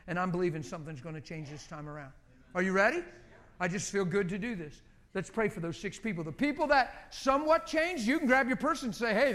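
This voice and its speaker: A man's voice: high-pitched, a bit bright. A middle-aged male pastor preaching and leading a congregation in prayer, conversational and exhorting, repeating short commands. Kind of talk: sermon leading group prayer.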